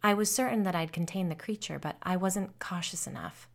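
A woman narrating a first-person audiobook in a measured, low-key way. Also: creaky.

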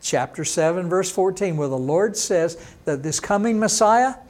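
A pastor with a fairly high, slightly mellow voice teaches an online sermon in an animated way. He speaks slowly, spells out each word, and answers questions he imagines a listener asking.

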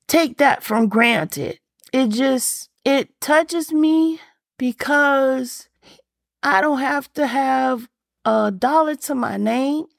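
A woman's voice: high voice, vocal fry, dry recording, studio quality. A middle-aged woman giving a heartfelt faith testimony, earnest and rambling, full of fillers. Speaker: speaker sharing faith testimony.

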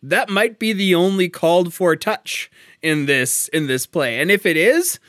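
High-voiced laughing man in dry room. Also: animated, unhurried, a bit bright, no echo. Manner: enthusiastic, laughs often, stumbles and restarts. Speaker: podcast co-host discussing a play. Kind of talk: casual analytical chat.

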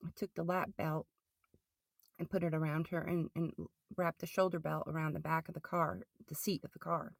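A middle-aged woman with a lowish, gravelly voice recounts her personal testimony in halting stretches, stumbling and repeating words as she goes. The sound is close and dry, with no room around it. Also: flat delivery, no room sound. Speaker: podcast guest.

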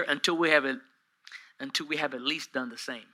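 A man around forty preaching a sermon to a congregation in a church, swinging from hushed asides to shouted peaks, with humorous self-deprecating stories. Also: a little high, animated, fast, poor audio. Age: 40s. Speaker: pastor. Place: church hall with a live congregation.

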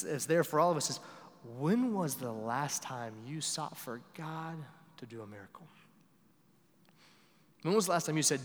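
A young man preaches as a pastor, talking to his church in a casual, conversational way and often repeating himself. His voice sits a little high for a man, and he moves between loud emphasis and quieter asides. The sound carries a long reverb tail, like a large hall. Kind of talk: sermon.

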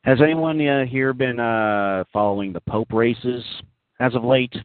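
A man's voice: mid-range voice, a little slow, no room sound. A man hosting a casual online radio talk show, rambling in a mock-serious way with many fillers, heard as tinny, phone-like audio. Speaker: host.

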